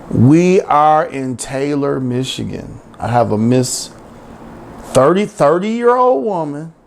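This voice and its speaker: A man hosting a satirical news rant show, telling a story in an animated, drawling, exclamatory way. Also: fairly high pitch, slow, vocal fry, a little hiss or hum. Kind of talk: comic rant.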